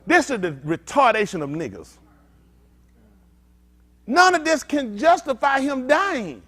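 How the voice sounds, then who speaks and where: A male pastor preaching to a congregation in a high voice that leaps up and down in pitch. He is blunt and street-talking. He swings from loud, emphatic bursts to low, muttered asides. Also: very animated, a little slow. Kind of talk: sermon teaching with call-and-response.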